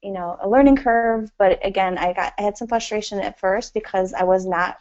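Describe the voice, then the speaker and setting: A woman chats as an interview guest, rambling and friendly, scattering "you know" through her sentences and laughing easily. Her voice sits at an ordinary middle pitch. The audio is a bit dull and lo-fi. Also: a little fast, darkish tone. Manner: chatty, rambling, many "you know" fillers, laughs often. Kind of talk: casual conversational interview.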